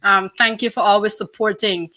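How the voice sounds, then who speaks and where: A woman co-hosting a live-streamed special, giving upbeat shout-outs with many fillers. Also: medium pitch, steady tone, normal speed. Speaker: co-host. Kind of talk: live-stream casual chat.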